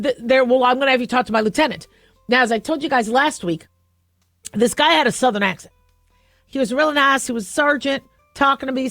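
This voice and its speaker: A middle-aged woman hosting a talk radio show, telling a story in a lively way and acting out both sides of a phone call. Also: sits high, no echo. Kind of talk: casual talk radio monologue. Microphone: studio microphone.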